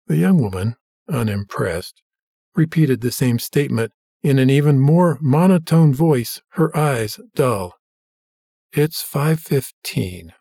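A man reading a story aloud in steady scripted narration, shifting his voice for the characters' lines. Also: mid-range voice, unhurried, gravelly, husky, no echo, studio quality. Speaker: audiobook narrator.

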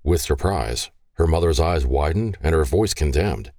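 Deep-voiced male audiobook narrator. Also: lively intonation, normal speed, few pauses, a little mellow, no room sound, clean studio sound.

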